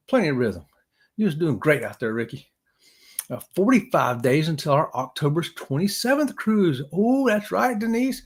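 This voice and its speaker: A man's voice: a little high, very animated, moderate pace, breathy edge. A man hosting a live stream, chatting casually with viewers in an upbeat, joking, folksy way. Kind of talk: casual chat reading viewer comments.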